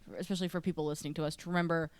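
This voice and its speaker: A woman co-hosting a podcast, explaining things in a measured, careful way. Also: low-pitched, little pitch movement, clean tone. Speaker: podcast co-host. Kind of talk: casual chat.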